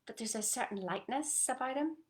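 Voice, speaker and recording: A woman coaching listeners on a group call in an earnest, coaxing manner, often dropping to a soft whisper and checking in with short questions. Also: on the high side, expressive, moderate pace. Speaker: motivational coach. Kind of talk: motivational talk on a group call.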